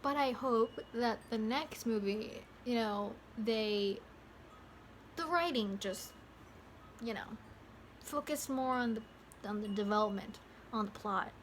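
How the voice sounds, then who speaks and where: Rambling young woman vlogger, slightly high voice. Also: slow pace, long pauses, slight background noise. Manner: rambling, self-interrupting, frequent "like" fillers. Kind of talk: casual movie review monologue.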